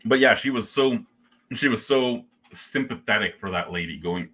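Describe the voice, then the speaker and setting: A man's voice: fairly low pitch, lively intonation, moderate pace, sharp tone. A man hosting a casual beer review livestream from home, rambling and joking crudely with his chat.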